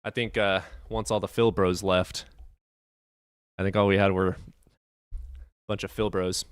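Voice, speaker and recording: A man's voice: sits low, level tone, measured pace, smooth, no echo, clean studio sound. A man hosting a live stream from his desk at home, chatting casually and telling rambling, profane stories.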